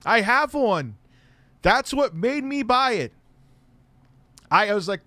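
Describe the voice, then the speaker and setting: Profane ranting man, high voice, dry. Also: very animated, takes it slowly, pauses often, no room sound. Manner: profane, sarcastic, swings between mutters and shouts. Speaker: tech commentary host. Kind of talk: ranting commentary on clips.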